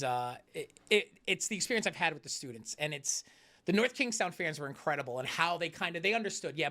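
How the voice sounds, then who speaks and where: A man co-hosting a casual sports talk show, joking about himself in an upbeat way. His voice sits a little high and sounds bright. He talks very fast.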